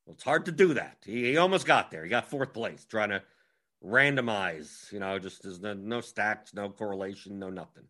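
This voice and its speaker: Bright-voiced man reviewing lineups. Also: on the low side, animated. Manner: rapid, scattered, thinks aloud while scrolling lineups. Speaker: fantasy sports analyst. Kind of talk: casual strategy breakdown.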